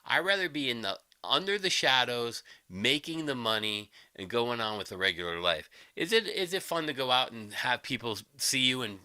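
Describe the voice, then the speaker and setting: A man's voice: medium pitch, big pitch swings, moderate pace, pushed and bright, no echo, studio quality. A man hosting a livestream, ranting in an angry, combative and sarcastic way, swearing heavily. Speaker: livestream host. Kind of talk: angry profane rant.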